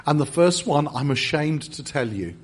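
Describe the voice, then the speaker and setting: Husky English preacher telling a funny story. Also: male voice, on the high side, animated, moderate pace. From England. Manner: humorous, self-deprecating storyteller with repeated restarts. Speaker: guest preacher. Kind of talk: storytelling sermon. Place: church.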